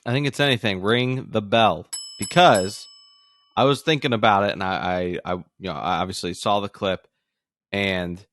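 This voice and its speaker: Low-voiced young man, rambling, on a dry mic. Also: fairly bright tone, dry recording. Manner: rambling, loose, with many restarts. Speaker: podcast co-host. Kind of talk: casual sports podcast chat.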